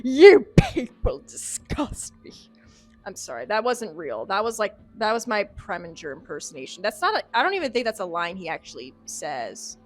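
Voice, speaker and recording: A woman's voice: on the low side, a bit bright. A woman hosting a video, ending it with a rambling, playful and absurd outro full of stammering asides. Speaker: YouTube host.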